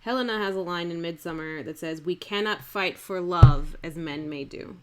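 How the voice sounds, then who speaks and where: A woman teaching Shakespeare verse in a live-streamed lesson, explaining in an unhurried way with fillers and restarts. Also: lowish voice, soft background music. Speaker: acting teacher.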